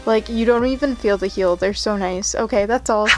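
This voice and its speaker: A young woman vlogging casually in her bedroom, gushing and excitable as she unboxes and tries on shoes. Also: mid-range voice, moderate pace, over music, low-quality recording.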